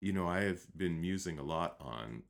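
A man with a very low voice recounts a story in an easy, unhurried way. He speaks conversationally, pausing on fillers and restarting phrases as he goes. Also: vocal fry. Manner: relaxed, anecdotal, with um fillers and restarts. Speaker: guest teacher.

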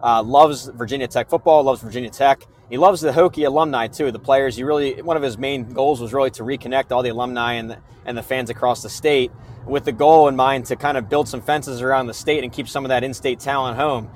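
A man's voice: medium pitch, steady tone, fairly quick, a little hiss or hum. A man guest on a podcast, talking sports in a casual, earnest way with lots of fillers. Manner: earnest, many fillers and restarts. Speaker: podcast guest, preview writer.

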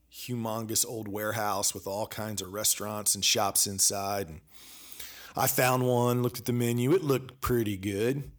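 A man tells a rambling personal story on his podcast in a middle-pitched, ordinary voice. He is loose and conversational, and he leans into the retelling by playing out both sides of the exchanges. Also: slightly rough. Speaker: podcast host. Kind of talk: casual storytelling monologue.

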